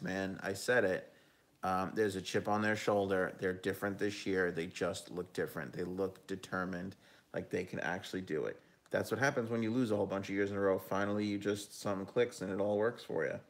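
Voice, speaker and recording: A man hosts a live hockey talk stream, speaking a little fast in a low-pitched, fairly even voice. As a host and analyst he chats casually, gives his picks, and reads viewer comments aloud, with frequent ums and self-corrections.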